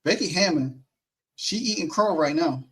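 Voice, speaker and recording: A man co-hosting a casual post-game sports talk stream, animated, laughing easily and acting out what others said. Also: fairly high pitch, normal speed.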